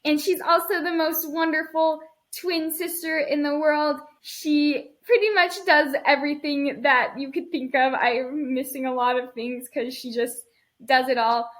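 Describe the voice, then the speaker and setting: A woman's voice: high voice, fairly even intonation, measured pace, fairly bright tone. A young woman hosting a podcast, chatty and teasing in casual conversation. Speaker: podcast host.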